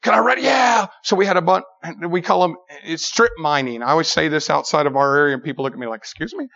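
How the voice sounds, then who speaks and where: Animated preacher man, dull recording. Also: fairly high pitch, quick pace, creaky. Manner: animated, emphatic, repeats words while building a story. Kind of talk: storytelling sermon.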